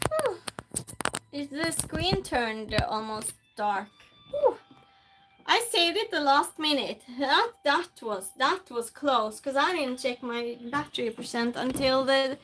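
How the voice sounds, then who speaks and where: High-voiced woman chatting while cooking. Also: lively intonation, slow, fairly bright tone, slight background noise. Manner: chatty, talks to herself and to chat while cooking. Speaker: streamer. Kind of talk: casual livestream chat while cooking. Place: home kitchen.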